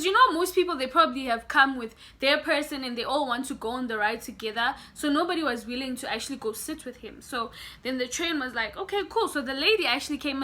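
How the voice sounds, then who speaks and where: A woman's voice: sits high, pushed and bright. A young woman vlogging, telling a story casually and animatedly, often calling her viewers guys.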